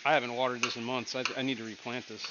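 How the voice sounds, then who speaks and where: A man's voice: mid-range voice, little pitch movement, quick pace. A man chatting casually on a home livestream in his fish room, rambling with lots of fillers. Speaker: livestream co-host. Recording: dull lo-fi stream audio with room noise.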